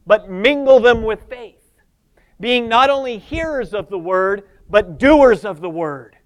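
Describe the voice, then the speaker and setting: High-voiced man preaching a fervent sermon. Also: a bit bright. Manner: fervent, with Hallelujahs and Amens, laughs at himself. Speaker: pastor.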